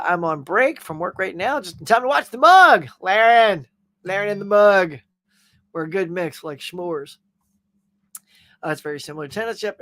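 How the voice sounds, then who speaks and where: High-voiced chatty man hosting a live stream. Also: no echo. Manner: chatty, jokey, animated. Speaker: host. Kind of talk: casual live stream chat, reading viewer comments.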